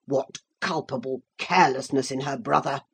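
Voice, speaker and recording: A woman's voice: extremely low pitch, moderate pace, breathy edge, pitched below the performer's own voice, exaggerated voice. A woman reading aloud and voicing a pompous older male magistrate who blusters and declaims.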